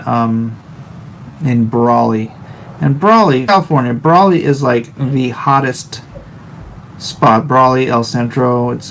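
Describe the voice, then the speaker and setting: Man, mid-pitch, gravelly, unhurried, wry artist reading stream chat aloud at a desk mic. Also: slight background noise, poor audio. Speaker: artist live-streaming while drawing. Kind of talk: casual live-stream chat.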